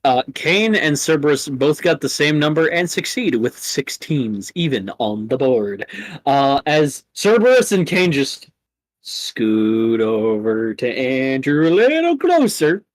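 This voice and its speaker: Man, game master, casual, laughing, lively pitch, slow pace, dry close sound. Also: no room sound, low-quality recording. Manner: casual, swearing, laughing often. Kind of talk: narrating a tabletop game.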